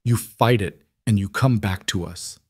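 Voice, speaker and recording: A man's voice: on the low side, measured pace, a little mellow, slightly rough, dry recording, studio quality. Man voicing a fierce, determined frontier wife. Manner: fierce, urgent pleading.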